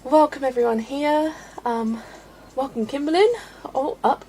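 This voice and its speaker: A woman's voice: high-pitched, unhurried, mellow, slight background noise. A woman hosting a casual livestream, chatty and laughing often as she greets viewers by name, a little out of breath. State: slightly out of breath. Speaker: livestream host.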